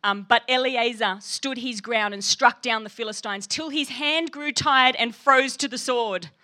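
A woman's voice: fairly high pitch, measured pace, sharp tone. A woman pastor preaching a sermon with passion and emphasis, reading scripture aloud.

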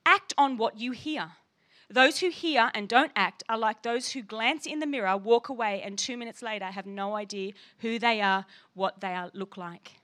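Bright, passionate woman preacher. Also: a little high, moderate pace. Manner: passionate, emphatic preaching with laughs. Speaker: pastor. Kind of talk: sermon.

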